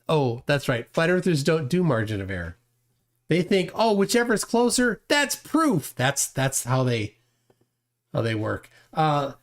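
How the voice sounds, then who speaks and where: A man hosting a live stream, talking in a mocking, sarcastic way. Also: a little high. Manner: mocking, sarcastic, acts out mock dialogues. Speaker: host.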